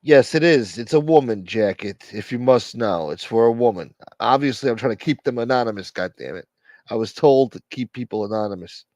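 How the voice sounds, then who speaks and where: A man's voice: medium pitch, expressive, a little fast, dry recording. Brash profane man on a livestream. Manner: brash and profane, swings from mumbling to loud outbursts. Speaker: host of a mock church livestream. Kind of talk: casual comedic livestream banter.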